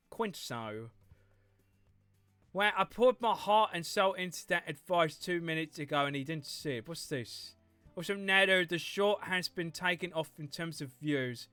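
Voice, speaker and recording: A man with a high, sharp-toned voice, smooth and free of echo, chats playfully with his viewers while livestreaming a game. His casual stream talk is full of teasing and frequent laughter.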